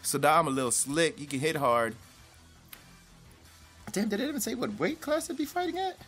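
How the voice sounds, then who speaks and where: A young man giving casual, profane commentary as a boxing YouTuber, rambling in slang with sudden high-pitched outbursts. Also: very animated, normal speed, fairly bright tone, faint music behind.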